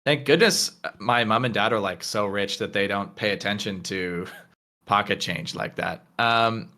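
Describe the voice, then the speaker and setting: A man's voice: fairly low pitch, measured pace, pushed and bright. A man playing a tabletop game, drawling casually with lots of "um" and "like" and some swearing. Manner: drawling, valley-talk with "um" and "like", swearing. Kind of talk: casual in-character game chat.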